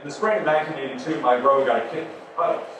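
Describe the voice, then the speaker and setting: A man's voice: a little high, racing, fairly bright tone, a little hiss or hum. Wry middle-aged man in an echoey theater. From Delaware. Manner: wry, self-mocking asides. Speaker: solo stage performer. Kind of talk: personal storytelling monologue. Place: theater stage. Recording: echoey room from far off, music behind.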